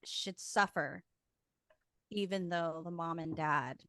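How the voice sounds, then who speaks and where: A woman's voice: on the low side, slow pace, pushed and bright, no room sound, studio quality. A woman guest telling her personal story frankly and emotionally, swearing casually. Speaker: podcast guest.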